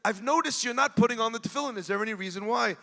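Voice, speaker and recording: A kind, helpful synagogue official, as a man voices him, speaks gently and encouragingly. His voice is high and gravelly, with a bright edge. Long hall reverb hangs after each phrase. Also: rapid-fire, soft background music, full character voice.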